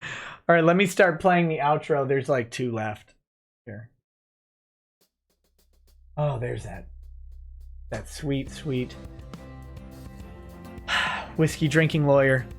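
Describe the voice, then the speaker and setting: A man's voice: mid-range voice, slow pace, pauses often, soft background music. A man, a lawyer hosting a late-night livestream, reading viewer comments aloud and joking about them in a casual, wry way.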